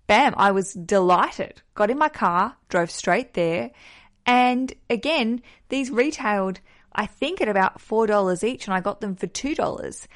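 A woman's voice: medium pitch, animated, unhurried. An Australian woman hosting a podcast, talking in an upbeat, playful and self-deprecating way. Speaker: podcast host. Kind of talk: chatty podcast monologue.

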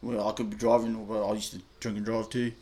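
A man's voice: little pitch movement, quick pace, darkish tone. A young man with a New Zealand accent telling a candid personal story in a blunt, slangy, heavily swearing way. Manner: blunt, heavy swearing, slangy, low-key. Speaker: interviewee.

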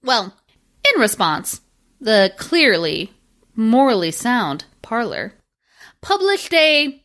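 A woman co-hosting a podcast in casual chat, sarcastic and animated, often breaking into laughter. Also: a little high, slow. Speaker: podcast co-host.

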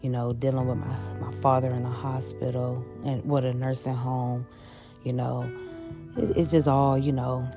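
A woman with a very deep, gravelly voice talks in a personal confessional monologue. She is halting and openly emotional, stumbling over repeated words and fillers. Music plays clearly beneath her voice. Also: little pitch movement. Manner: heavy-hearted, openly emotional. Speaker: podcast host. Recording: music playing underneath.

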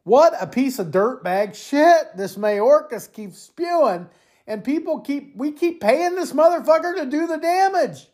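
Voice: high voice, expressive, measured pace, darkish tone. A podcast host from the United States delivering a heated political rant, angry and profane, often repeating and restarting words as they get worked up.

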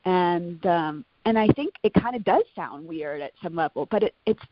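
Woman in her thirties, heartfelt, chatty, lowish voice, dry muffled audio. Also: expressive, moderate pace, no echo. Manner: heartfelt, chatty, many "you know" and "like". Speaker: podcast guest. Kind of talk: casual interview chat.

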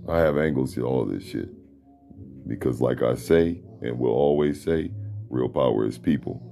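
A middle-aged man hosting a podcast with a deep voice, giving a blunt, profane, preachy motivational talk from a room at home. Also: lively intonation, normal speed, gravelly, warm tone, soft background music. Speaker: podcast host. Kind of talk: motivational monologue.

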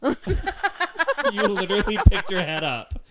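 A man's voice: fairly high pitch, expressive, moderate pace, noisy background. A young man animatedly retelling a chaotic night to friends, laughing as he goes. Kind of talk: casual chat.

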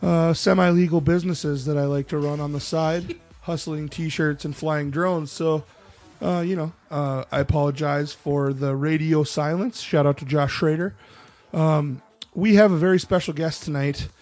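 A man's voice: on the high side, fairly even intonation, moderate pace, few pauses, a little mellow. A man hosting a podcast, chatting casually and teasing his guest, joking and swearing freely. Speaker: podcast host. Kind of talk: casual profane banter.

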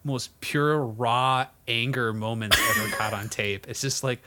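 A man co-hosting a sports podcast, making sarcastic jokes with quick asides. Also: mid-range voice, sharp tone. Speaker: podcast co-host. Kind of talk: casual sports podcast banter.

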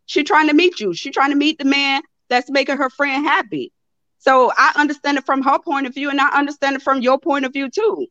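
Woman, young adult, animated live-stream storytelling, swears freely, dull lo-fi audio. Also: sits high, a little fast, no echo. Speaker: host of a live talk stream. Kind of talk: casual storytelling to a live audience.

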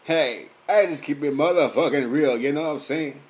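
A tipsy man, rambling and cursing freely as he hosts a late-night live chat from home. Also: moderate pace. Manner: profane, loose and boisterous, swings from low mumbles to loud outbursts. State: tipsy from drinking. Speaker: podcast and Facebook live host.

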